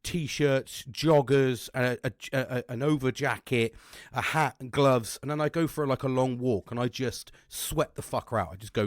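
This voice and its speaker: A man's voice: medium pitch, lively intonation, moderate pace, dry recording, studio quality. A man, hosting a podcast in a casual monologue, blunt and boisterous and swearing constantly. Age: 40s. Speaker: podcast host.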